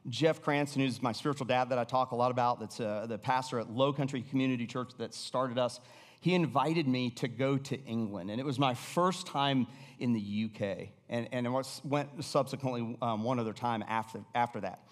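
A man's voice: mid-range voice, normal speed. A middle-aged American man preaching a sermon in a loose, conversational way, often restarting and sometimes dropping to a near-whisper. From United States. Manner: conversational, with repeated restarts and sudden drops to a hush. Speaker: pastor. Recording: long hall reverb.

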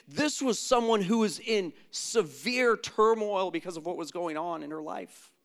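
A middle-aged man preaching a sermon as pastor, earnest, moving between loud emphatic lines and hushed, near-whispered ones. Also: mid-range voice.

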